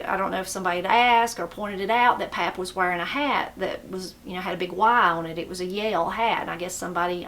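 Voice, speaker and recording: Against slight background noise, a middle-aged woman with a medium-pitched voice and an Appalachian accent, from the mountains of western North Carolina, tells casual stories. She rambles in a folksy way and becomes animated whenever she quotes.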